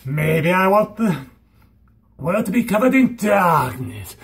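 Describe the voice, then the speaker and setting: A young man rambling in a hyper, giddy vlog monologue, swinging between squeals and low mutters. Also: big pitch swings, moderate pace. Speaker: vlogger.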